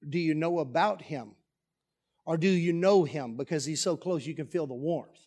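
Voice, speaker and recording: A man's voice: fairly high pitch, normal speed, darkish tone. A man preaching a sermon as pastor, pressing the congregation with emphatic rhetorical questions in a church. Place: church sanctuary.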